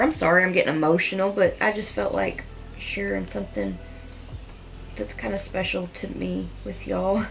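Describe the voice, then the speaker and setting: A woman chats her way through a makeup tutorial, rambling and heartfelt. Her voice sits at an ordinary middle pitch, with faint music playing underneath. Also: animated, normal speed, gravelly. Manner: rambling, chatty and heartfelt, with frequent "like" and soft laughs. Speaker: makeup vlogger. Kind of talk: casual makeup tutorial chat.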